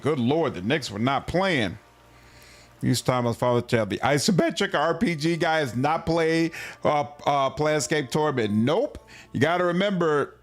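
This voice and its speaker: A man casually chatting through a game livestream, answering his chat in a relaxed way. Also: mid-range voice. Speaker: streamer. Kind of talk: casual gameplay livestream commentary.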